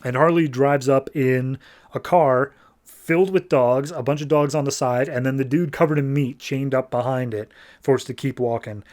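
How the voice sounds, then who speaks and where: A male podcast host walks through a comic book issue in a casual, meandering recap, with plenty of fillers and restarts. His voice sits at an ordinary middle pitch for a man. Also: fairly even intonation, normal speed, a little mellow. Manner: loose and rambling, many fillers; briefly shifts pitch for quoted characters.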